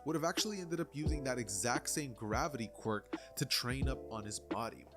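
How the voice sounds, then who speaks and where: A man's voice: mid-range voice, a little fast. A man casually narrating an anime what-if story in a rambling, conversational way, full of fillers. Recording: narration over clear background music.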